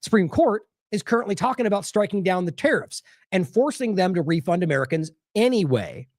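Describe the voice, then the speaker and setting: A man's voice: high voice, expressive, a little fast, a little mellow, dry recording, clean studio sound. A man hosting an independent news show, commenting on clips in a casual, exasperated and sarcastic way with scoffing laughs.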